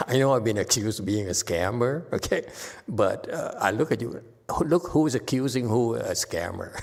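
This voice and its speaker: Unhurried male teacher with a teasing, self-mocking delivery, echoing in a reverberant hall. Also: medium pitch, expressive, gravelly. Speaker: Buddhist meditation master. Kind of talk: joking Dharma talk.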